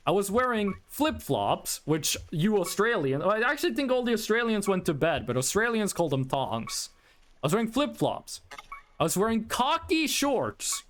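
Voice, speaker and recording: A man's voice: high-pitched, fairly bright tone, a little hiss or hum. A man who grew up in Norway, telling a rambling story to his live chat as a streamer, and he breaks off to answer viewers.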